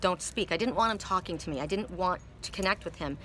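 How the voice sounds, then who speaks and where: A woman's voice: on the low side, fast talker, pushed and bright, a little hiss or hum. A middle-aged woman who reads tarot cards, telling a personal story in a rambling, emotional way with many repeated words. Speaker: tarot card reader. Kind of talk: casual spoken storytelling.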